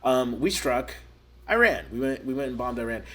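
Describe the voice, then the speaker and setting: A man's voice: mid-range voice, lively intonation, normal speed, pushed and bright. A man from the United States co-hosting a podcast with casual, rambling chat full of fillers. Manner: rambling, with many fillers and laughs. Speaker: podcast co-host.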